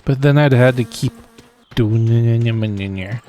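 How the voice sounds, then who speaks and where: A man's voice: mid-range voice, takes it slowly, dark tone, slight background noise. A man live-streaming a game, chatting casually in a rambling, self-deprecating way and chuckling often. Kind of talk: casual live-stream chat while playing.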